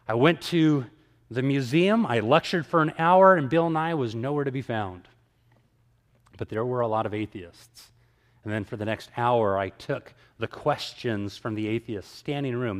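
A man giving a sermon-style talk, telling stories with lively acted-out dialogue. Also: mid-range voice, big-room sound. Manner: animated storyteller, acts out dialogue. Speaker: evangelist speaker.

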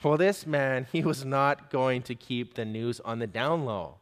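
A man's voice: mid-range voice, unhurried. A male preacher giving an emphatic sermon, pressing his listeners with pointed questions. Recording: long hall reverb.

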